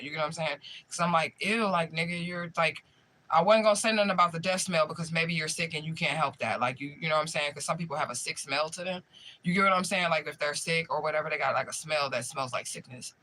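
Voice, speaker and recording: High bright-voiced man ranting casually. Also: slight background noise. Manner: profane, animated, laughs while retelling. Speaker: spiritual medium livestream host. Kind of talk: casual storytime rant.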